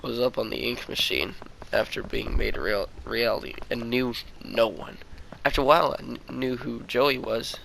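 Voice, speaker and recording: Guy reading as quiet ink-made man, scared and hushed, real gravelly bright voice. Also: medium pitch, moderate pace, a little hiss or hum, rough recording. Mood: wistful. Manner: quiet, hushed, fearful at times. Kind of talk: reading a fan story aloud.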